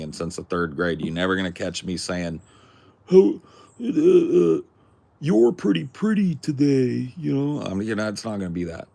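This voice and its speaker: A man hosting a podcast, ranting casually in a crude, sardonic, profane way. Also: sits low. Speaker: podcast host. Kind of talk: casual comedic rant.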